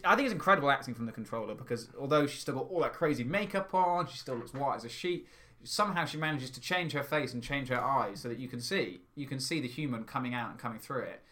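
A man's voice: medium pitch, fast talker, pushed and bright. A man co-hosting a casual podcast chat, enthusiastic and rambling with many restarts. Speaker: podcast co-host.

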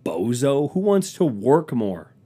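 This is a man talking through a one-man podcast, his voice dark and mellow and sitting at a middle pitch. He tells stories in a loose, profane way, jabbing sarcastically at whoever annoys him and acting out what others said in mocking quotes. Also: very animated, takes it slowly, slightly rough. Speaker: podcast host. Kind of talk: casual solo podcast monologue.

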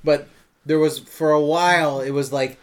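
Man, podcast host, slightly high voice, rambling, retells scenes in put-on voices. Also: fairly even intonation, normal speed, a little hiss or hum. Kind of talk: casual podcast chat.

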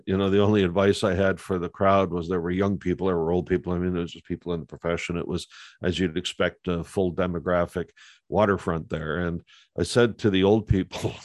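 A man's voice: low voice, fairly quick, no room sound, studio quality. A man talking earnestly in a conversational podcast, with frequent fillers and restarts as he makes his point about communication.

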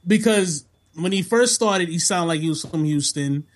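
A man talking casually on a podcast, animated and emphatic, laughing often. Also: high voice, moderate pace. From half Bajan, family in Toronto. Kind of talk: casual chat.

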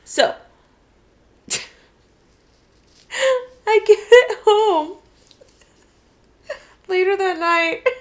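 A woman's voice: a little high, creaky, fairly bright tone. A young woman casually telling a story about herself, self-mocking and giggly. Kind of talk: casual chat.

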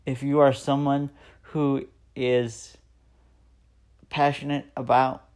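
A man's voice: medium pitch, flat delivery, takes it slowly, a little mellow, smooth. A man in his thirties hosting a solo podcast, talking earnestly and encouraging listeners, repeating phrases for emphasis. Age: 30s. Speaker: podcast host. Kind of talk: solo motivational podcast talk.

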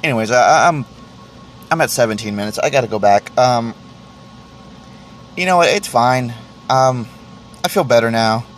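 A man's voice: medium pitch, normal speed, pauses often, a little hiss or hum. A man hosting a solo podcast, venting in a rambling way, stammering through restarts and swearing freely. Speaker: podcast host.

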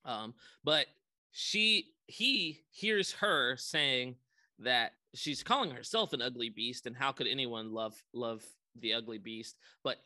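Bright-voiced young man rambling a recap. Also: mid-range voice, slow pace, no room sound. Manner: rambling, lots of ums and likes. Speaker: podcast co-host. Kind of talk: casual movie recap chat.

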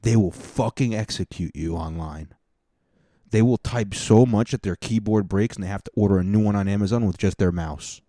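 A man's voice: lowish voice, moderate pace, mellow, no echo, clean studio sound. A man hosting a casual monologue, rambling and swearing through mock rants. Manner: rambling, profane, mock-ranting.

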